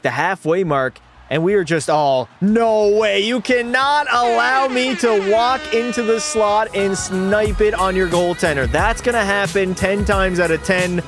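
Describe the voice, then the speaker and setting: Brief: young male streamer, higher-pitched voice, excitable play-by-play with swearing, music underneath. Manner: excitable, swears, chats with viewers. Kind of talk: live gameplay commentary.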